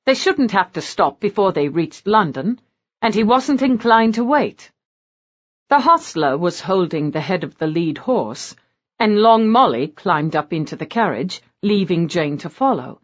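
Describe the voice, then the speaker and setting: A woman narrating an audiobook in an expressive storytelling manner. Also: lowish voice, unhurried, lo-fi sound. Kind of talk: scripted narration.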